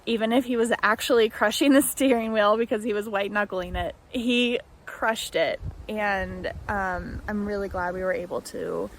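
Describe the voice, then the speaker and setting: A young American woman vlogging, speaking an emotional tribute to her grandmother, halting often with fillers and restarts. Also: mid-range voice, slight background noise, rough recording. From United States. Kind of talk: heartfelt tribute and vlog narration.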